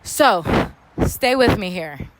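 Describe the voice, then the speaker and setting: A woman talks through a casual motivational podcast monologue outdoors near traffic. She speaks loudly and candidly, in a mid-pitched voice, slangy and profane. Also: animated, takes it slowly. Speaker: podcast host.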